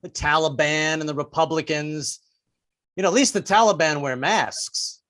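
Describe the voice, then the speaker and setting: High-voiced stammering male stand-up comic. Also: moderate pace, a bit bright. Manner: stammering, repeats words, puts on mock voices. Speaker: stand-up comedian. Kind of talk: stand-up set.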